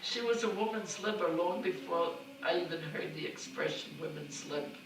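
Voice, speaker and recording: Brief: older woman, warm anecdotal family storyteller, recorded from a distance in a roomy space. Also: fairly low pitch, moderate pace. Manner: fond, anecdotal, with small laughs. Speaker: narrator of her mother's life. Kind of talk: oral history storytelling. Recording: roomy, distant mic, faint noise.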